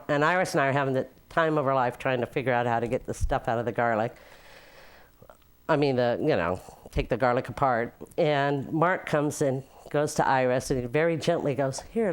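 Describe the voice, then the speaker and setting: A woman's voice: low voice, smooth. An older woman, a former nightclub owner, telling stories in a documentary interview with frequent laughs. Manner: warm storytelling with frequent laughs.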